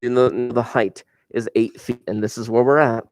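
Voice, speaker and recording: A man teaching a high school math class, chatty and informal, who repeats key phrases to drive them home. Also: flat delivery, moderate pace. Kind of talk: recorded classroom math lesson.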